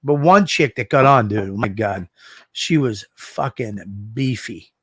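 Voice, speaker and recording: A man co-hosting a podcast, telling a profane, animated story in casual banter on a studio microphone. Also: medium pitch, a little slow, husky, no echo. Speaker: podcast co-host.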